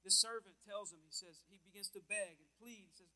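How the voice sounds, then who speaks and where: A man's voice: sits high, a little fast, hardly any pauses, pushed and bright, rough recording. A man preaching a sermon in a church, speaking emphatically and repeating words as he walks about and calls out to his listeners.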